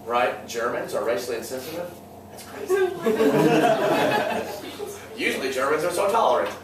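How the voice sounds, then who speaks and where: A man's voice: mid-range voice, expressive, fast, recorded from a distance, very noisy. Joking male teacher in an echoey classroom. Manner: joking, sarcastic, quizzes students. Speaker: history teacher. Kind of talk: classroom lecture. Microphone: far room mic.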